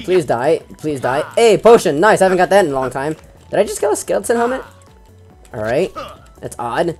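Excitable, foul-mouthed young gaming host. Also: male voice, high voice, fairly quick, soft background music. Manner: excitable, swears often, yells at the game. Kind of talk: casual let's-play commentary.

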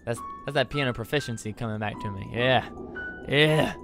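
A man's voice: medium pitch, moderate pace, music in the background. A young man hosting a let's play, rambling eagerly with many stammered restarts. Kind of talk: casual gameplay commentary.

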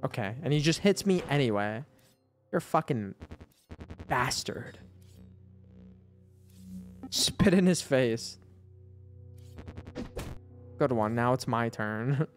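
A man's voice: mid-range voice, expressive, takes it slowly, long pauses, soft background music. A man giving casual, profane gameplay commentary, rambling with filler words and mocking the characters in exasperation. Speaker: gamer playing through his backlog.

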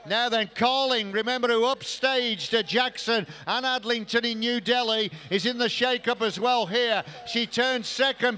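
Swim commentator guy, high bright voice, gets loud at the finish. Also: unhurried, few pauses, slight background noise. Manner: builds to shouting at close finishes. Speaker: swimming commentator. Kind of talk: live race commentary.

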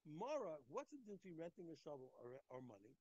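Husky, high-pitched animated Talmud teacher. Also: male voice, fast talker, muffled recording. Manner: animated, repeats phrases, acts out the text's speakers. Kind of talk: daf yomi Talmud class.

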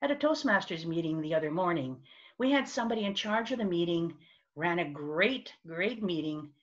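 A woman giving a conversational workshop talk over a video call, expressive and acting out little examples as she goes. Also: lowish voice, normal speed. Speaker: speaker on virtual presence. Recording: dull lo-fi video call audio.

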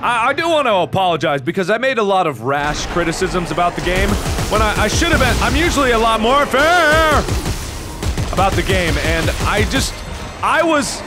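A young man in his twenties doing loud, excitable gaming commentary, swearing and yelling at enemies. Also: high-pitched. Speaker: let's play host.

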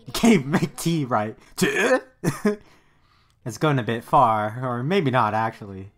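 A man giving excited reaction commentary, laughing and cheering loudly. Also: mid-range voice, normal speed. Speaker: anime reaction youtuber.

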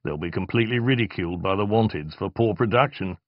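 A man voicing a weary, gruff middle-aged labourer father who answers curtly, in a storybook reading. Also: lowish voice, fast, no echo, dull audio, lightly acted. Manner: curt and tired.

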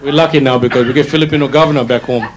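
This middle-aged man, speaking with a Hawaiian Pidgin accent in a medium-pitched voice, talks rapid-fire with fairly even intonation. He's doing teasing stand-up and crowd work on a hotel showroom stage, recorded live amid audience laughter and noise.

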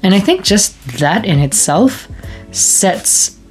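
A woman's voice: medium pitch, big pitch swings, takes it slowly, soft background music. A woman from Kenya with an East African accent, co-hosting a radio talk show in playful, teasing chat. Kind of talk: casual chat.

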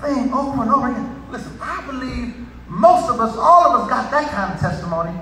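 A male preacher giving a sermon, with repetitive lines that build into shouted crescendos. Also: extremely high pitch, expressive, fairly quick, a crowd in the background. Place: church sanctuary. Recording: echoey hall from far off.

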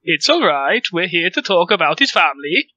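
A man putting on a deliberately bad, sing-song parody accent as a traveller in a tabletop game. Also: high-pitched, bright, forceful tone, dry recording, muffled recording. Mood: mocking.

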